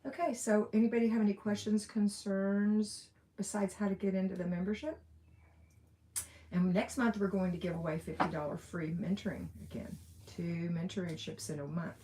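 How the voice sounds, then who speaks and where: A woman's voice: mid-range voice, steady tone, normal speed, mellow, slight background noise. A woman with an Alabama accent hosting a casual live question session, chatty and reading viewer comments aloud with a laugh now and then. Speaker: livestream host. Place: room at home with window open.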